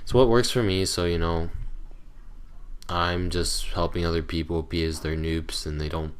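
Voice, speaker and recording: Teen male channel host, deep voice, loose irritable ramble full of ums and uhs. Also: steady tone, normal speed, clean tone. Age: teens. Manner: rambling, hesitant with many fillers; irritable, grumbling. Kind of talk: casual chat to viewers.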